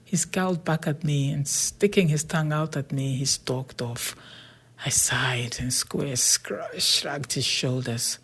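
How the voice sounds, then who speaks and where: An audiobook narrator reading a science fiction story in a steady, plain storytelling manner, often half-whispered. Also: medium pitch, slow pace, slightly rough.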